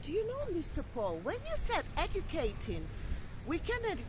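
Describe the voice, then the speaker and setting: A woman's voice: extremely high pitch, wildly swooping pitch, normal speed. A woman whose first language is Greek, co-hosting a casual outdoor vlog in non-native English and searching for words while getting over flu. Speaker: vlog co-host. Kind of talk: casual chat. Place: outdoors by a seaside resort. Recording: outdoor vlog with clear background noise.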